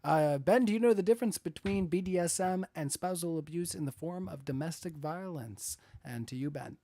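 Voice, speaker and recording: Higher-voiced male debate moderator, dry sound. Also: normal speed, mellow, dry recording. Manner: reads comments aloud, chuckles, hesitant fillers. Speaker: debate moderator reading donations. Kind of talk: live-stream moderation.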